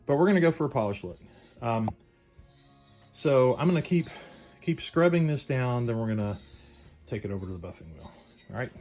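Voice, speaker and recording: A man's voice: medium pitch, lively intonation, a little mellow, faint music behind. Easygoing man demoing at his workbench. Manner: thinks aloud, loose and unhurried. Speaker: pinball restorer. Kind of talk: casual workshop demonstration. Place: home workshop at a workbench.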